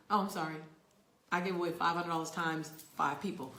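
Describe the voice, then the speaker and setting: A woman talking to viewers on a casual livestream from a rental room, emphatic and warm, sometimes dropping to soft near-whispers. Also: fairly low pitch, steady tone, fairly quick, reverberant. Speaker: motivational speaker hosting a livestream.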